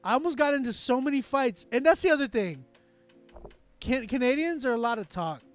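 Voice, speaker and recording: A man from Texas with a Texan accent, hosting a casual chat and telling animated, self-mocking stories. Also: very high voice, a little fast, faint music behind. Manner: animated storytelling, loud excited outbursts, self-mocking laughs. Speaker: host. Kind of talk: casual chat with live chat readers.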